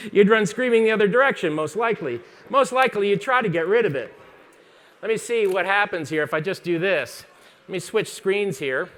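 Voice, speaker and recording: Brief: male instructor, higher-pitched, chatty and jokey, quizzing a live workshop crowd. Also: expressive, fairly bright tone. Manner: chatty, jokey, fast-talking teacher quizzing the audience. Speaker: photography instructor. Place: conference stage before a live audience.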